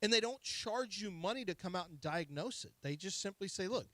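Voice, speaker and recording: A man's voice: sits high, expressive, brisk, sharp tone, no echo. A man hosting a sports radio show, joking and teasing himself in casual studio banter. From Kansas, raised in Texas. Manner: joking, self-deprecating, laughs at himself. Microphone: studio microphone.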